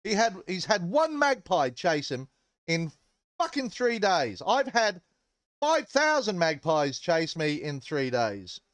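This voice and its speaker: A man's voice: sits high, sing-song, slow, a bit bright, no room sound. A man hosting a casual game livestream, joking and greeting viewers in chat as he rambles. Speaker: livestream host.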